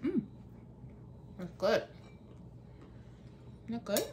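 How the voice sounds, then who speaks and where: A woman's voice: on the high side, sing-song, drawn-out words, noisy background. A young woman hosting a casual cooking vlog, chatty and laughing often as she talks to her viewers. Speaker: cooking vlogger.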